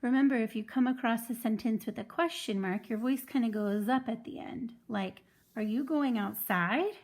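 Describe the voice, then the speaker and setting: A woman teaching first grade in an online video lesson, clear and patient as she explains step by step. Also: a little high, fairly even intonation, brisk, darkish tone.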